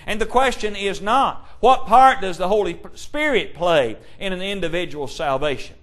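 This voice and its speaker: A man preaching a sermon, reading scripture aloud and pressing his points with slow, deliberate emphasis. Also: high-pitched, lively intonation, a bit bright. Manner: reads scripture aloud in King James wording.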